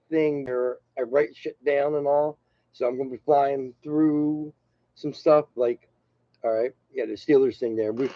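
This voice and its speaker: An older man with a creaky, mid-range voice hosts his own channel, rambling through a casual, unscripted, self-deprecating monologue. There's no room sound, and the audio is dull lo-fi.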